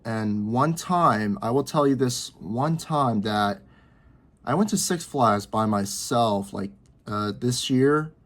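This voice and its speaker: A man in his early twenties talking to camera from his bedroom, rambling and repeating himself with halting restarts. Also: mid-range voice, fairly bright tone. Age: 20s. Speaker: vlogger. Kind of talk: personal talk to camera.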